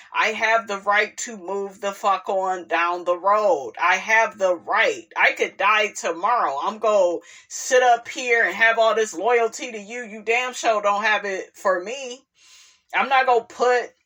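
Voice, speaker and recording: A woman recapping a reality show in a slow, unhurried delivery. She is blunt and sassy, swears freely, and punctuates her points with "okay?" and "honey". It sounds like a casual talking-to-camera vlog. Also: medium pitch, fairly bright tone. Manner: emphatic asides like "okay?" and "honey".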